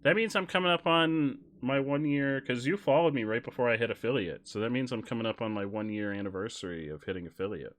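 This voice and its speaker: A man's voice: medium pitch, quick pace, few pauses, fairly bright tone. A man chatting casually on a live stream, telling dad jokes, laughing often and correcting himself as he rambles. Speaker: game streamer.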